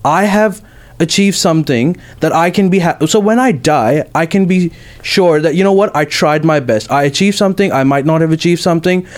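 A man's voice: a little high, normal speed. A young man arguing his point insistently in a casual debate. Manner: insistent, emphatic.

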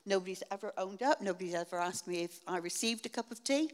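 An older woman giving a personal church testimony in an earnest, halting way with many pauses and fillers. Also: mid-range voice, lively intonation. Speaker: church member sharing testimony. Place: church hall. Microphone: shared handheld mic. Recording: echoey church hall.

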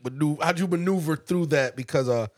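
A man hosting a casual podcast chat, asking questions in a relaxed, slangy way. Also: fairly high pitch, fast. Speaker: podcast host.

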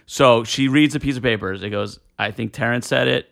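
A man's voice: medium pitch, creaky. A middle-aged man from New Jersey telling stories in a casual podcast chat, acting out the quotes. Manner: fast animated storyteller, acts out quotes. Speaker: podcast guest. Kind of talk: casual storytelling.

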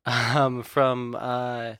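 A man's voice: medium pitch, level tone, drawn-out words, a bit bright, clean tone, dry recording. A man co-hosting a casual podcast, telling crude jokes and laughing often, on a close mic. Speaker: podcast co-host.

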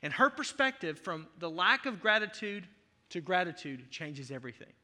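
A man's voice: sits high, sing-song, moderate pace, bright, forceful tone, big-room sound. A male pastor preaching a sermon in an emphatic, conversational way, with playful asides.

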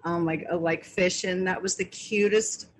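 A woman's voice: lowish voice, steady tone, moderate pace, poor audio. A woman calling in to a live stream panel, talking in a gushing, affectionate way. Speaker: caller. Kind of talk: casual chat.

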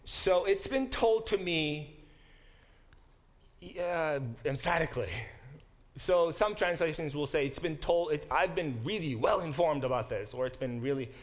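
Speaking a little slowly in a fairly high voice, a middle-aged man lectures his Bible class as its professor. He explains things with frequent fillers and restarts.

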